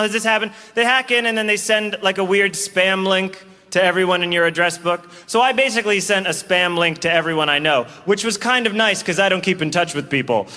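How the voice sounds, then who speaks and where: A man performing a stand-up comedy set on stage, animated and acting out characters. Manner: animated, acts out characters in a high put-on voice. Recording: live stage recording in a reverberant hall with audience noise.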